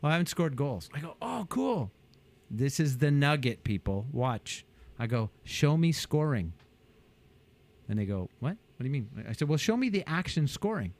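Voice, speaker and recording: Energetic man coach, voice leaping high. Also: moderate pace. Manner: energetic, acts out quotes with big pitch jumps. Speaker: guest, business coach. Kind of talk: animated interview talk.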